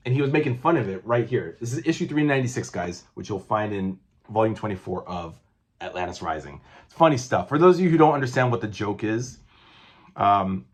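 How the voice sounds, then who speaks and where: A man's voice: medium pitch, husky. A man in his forties chatting casually as a comic book collector on his vlog, rambling and correcting himself with many fillers.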